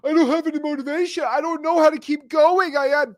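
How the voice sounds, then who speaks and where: A man's voice: steady tone, quick pace. A man mimicking a whiny, unmotivated wholesaler. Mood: whining. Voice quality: whiny, high and complaining.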